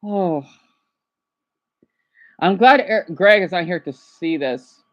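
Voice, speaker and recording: High, swooping voice of an agitated young man. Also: animated, takes it slowly, dry recording, highs cut off. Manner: agitated, rambling, swings from quiet mutters to loud outbursts; shouts at someone off to the side. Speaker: livestreamer reacting to videos. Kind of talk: casual livestream reaction chat.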